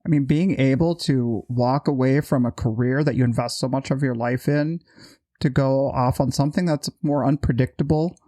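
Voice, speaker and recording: A man co-hosting a podcast, reflecting on the interview in a thoughtful, measured way. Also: medium pitch, warm tone, no echo, clean studio sound. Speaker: podcast co-host. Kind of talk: casual reflective chat.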